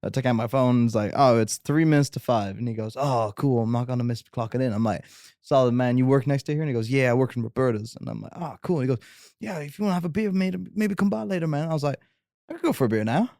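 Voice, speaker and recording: A man's voice: mid-range voice, quick pace, a little mellow, no room sound, studio quality. A young Irish man telling a rambling story in casual chat, laid-back and swearing freely. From Ireland. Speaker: guest host.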